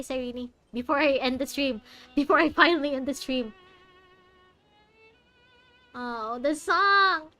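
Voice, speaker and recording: A young woman streamer comments on a game in a high, excitable voice, gushing and joking as scenes play. She speaks from a desk microphone at home. Game music plays faintly behind her. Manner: excitable, gushing, quick jokes. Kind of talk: live game playthrough commentary.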